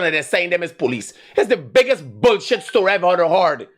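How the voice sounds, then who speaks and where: A man's voice: high-pitched, very animated, brisk, few pauses. A middle-aged man with a Guyanese accent hosting a live call-in show, talking bluntly and growing heated as he scolds a caller. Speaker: host taking calls.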